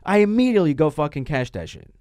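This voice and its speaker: A man's voice: a little high, quick pace, no room sound. A man telling a story in casual podcast chat, swearing often and stumbling over restarts. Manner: profane, animated, stammering restarts. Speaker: podcast guest.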